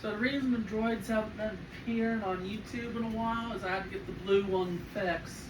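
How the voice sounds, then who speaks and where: A man's voice: sits high, fairly even intonation, brisk. A man chatting casually with his family at home in a laid-back, dry way. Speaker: family member. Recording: distant, roomy, noisy.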